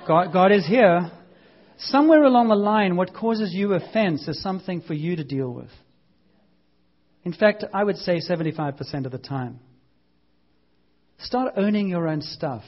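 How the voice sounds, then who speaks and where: Animated high-voiced male preacher. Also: normal speed, pauses often, lo-fi sound. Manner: animated, conversational, acts out voices and shouts. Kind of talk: lively sermon.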